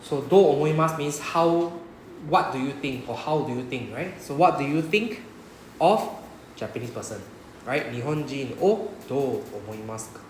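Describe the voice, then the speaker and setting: A man's voice: mid-range voice, expressive, moderate pace, darkish tone, reverberant, a little hiss or hum, rough recording. A man with a Singaporean English accent teaching a Japanese class, often checking with "right?". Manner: repeats "right?" to check understanding. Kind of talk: classroom lesson explanation.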